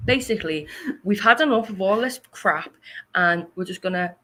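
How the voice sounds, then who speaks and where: A woman's voice: medium pitch, moderate pace, bright, forceful tone, low-quality recording. Chatty woman hosting a livestream. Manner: chatty, laughs often, rambling asides. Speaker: livestream host. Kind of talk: casual livestream chat. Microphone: shared desk microphone.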